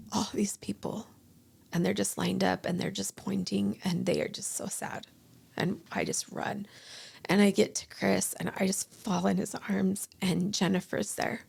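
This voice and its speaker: A woman in her forties, a podcast guest, telling an emotional personal story in a halting way, with restarts and acted-out quotes. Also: medium pitch, creaky, a little mellow, husky.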